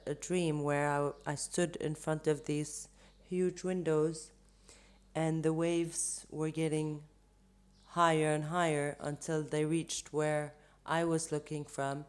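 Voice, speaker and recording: Woman tarot reader, low voice, unhurried, rambling delivery. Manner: slow, rambling, with soft laughs and restarts. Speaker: tarot channel host. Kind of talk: casual spiritual talk to camera.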